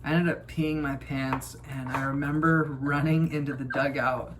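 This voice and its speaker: A man's voice: medium pitch, flat delivery, moderate pace, noisy background. A young man, a youth ministry leader, chatting casually while cooking and telling a rambling story. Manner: laid-back, rambling storyteller.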